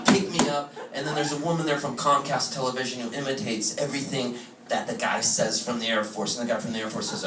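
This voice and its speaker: A touring singer-songwriter man telling a comic story on stage in an animated, quick-witted way, recorded live in a club with a distant mic. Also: medium pitch, noisy background. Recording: echoey live room, distant mic, loud guitar.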